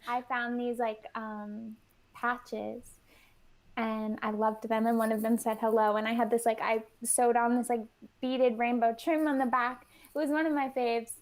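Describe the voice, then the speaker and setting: High, bubbly young-sounding woman guest. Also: level tone, measured pace. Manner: bubbly, peppered with "like", acts out what she and others said. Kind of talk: casual interview chat. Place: New York.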